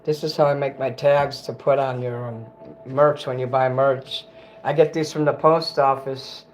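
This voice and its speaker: A man's voice: medium pitch, steady tone, moderate pace, a little hiss or hum. A man on a casual livestream, ranting bitterly and cursing, often stopping to correct himself. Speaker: livestream host.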